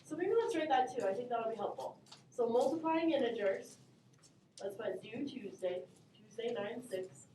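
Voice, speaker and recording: Woman math teacher, high voice, cheery and encouraging, echoey classroom recorded from across the room. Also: moderate pace, dark tone, distant mic, a little hiss or hum. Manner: upbeat, encouraging, calls on students by name.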